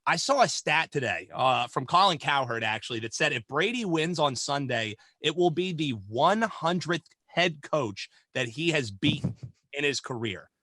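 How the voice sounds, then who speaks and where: A man's voice: a little high, animated, normal speed, sharp tone, no echo, studio quality. A man co-hosting a sports betting podcast, talking casually and animatedly, hyping his segments like an announcer and swearing now and then. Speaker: podcast co-host.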